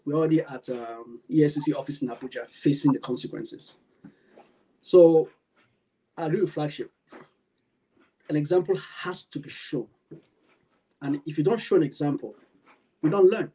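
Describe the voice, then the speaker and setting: A man's voice: a little high, warm tone, breathy edge, low-quality recording. A man with a Nigerian English accent, speaking as a panel guest and giving impassioned commentary that repeats points for emphasis. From Nigeria, Benin (Edo). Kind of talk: impassioned talk-show commentary.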